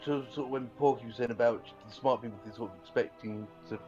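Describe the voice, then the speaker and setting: A man explains his character's plans in a tabletop game, pausing often and leaning on "sort of." His voice sits at a middling pitch. The call audio sounds a little dull, with faint music behind. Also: a little mellow. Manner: hesitant, full of "sort of". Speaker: player. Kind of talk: tabletop role-play chat.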